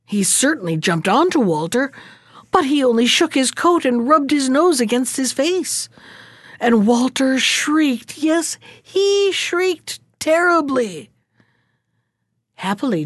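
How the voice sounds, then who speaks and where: A woman reading a fairy tale aloud as the storyteller of the show, rising high and animated in tense moments. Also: dry recording, clean studio sound.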